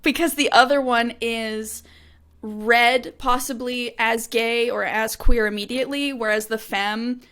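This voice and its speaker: Woman, teasing podcast co-host, bright, somewhat high voice, casual chat. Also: steady tone, unhurried. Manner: teasing, laughs often.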